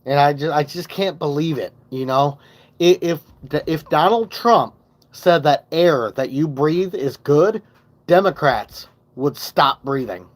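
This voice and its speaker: A Michigan man with a fairly high voice talks a little slowly during a casual live stream. He's in his home basement on a phone microphone, rambling, cursing and losing his train of thought.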